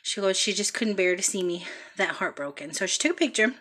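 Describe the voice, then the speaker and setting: A woman telling a heartfelt story about her son's birth in a casual vlog, with many pauses and ums. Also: medium pitch, expressive, pushed and bright. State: out of breath. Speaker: vlogger, mother.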